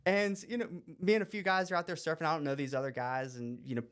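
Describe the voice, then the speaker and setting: A man hosting a podcast, chatting casually, telling stories in an animated way with frequent laughter and asides. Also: on the high side, fast talker, smooth. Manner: animated storyteller, laughs often, trails off into asides. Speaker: podcast host. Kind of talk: casual conversation.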